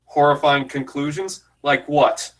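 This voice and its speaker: A man's voice: on the high side, measured pace, a bit bright, rough recording. A man giving casual, jokey commentary over a fan film, rambling and self-deprecating. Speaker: YouTube commentator.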